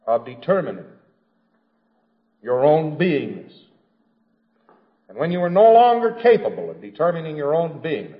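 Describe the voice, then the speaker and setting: A man's voice: mid-range voice, highs cut off. A man giving an informal lecture in a conversational, wry storytelling manner, slipping into quoted voices.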